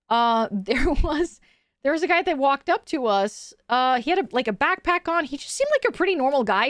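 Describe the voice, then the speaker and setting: High-voiced woman rambling through a story. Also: no room sound, studio quality. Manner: rambling storytelling with many fillers. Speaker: streamer. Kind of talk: casual chat.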